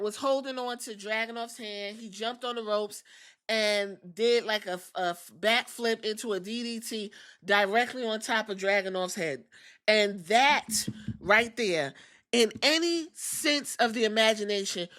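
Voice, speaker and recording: A woman's voice: mid-range voice, fairly bright tone. A woman hosting a podcast, giving a casual wrestling recap in a blunt, profane, sassy way. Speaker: podcast host.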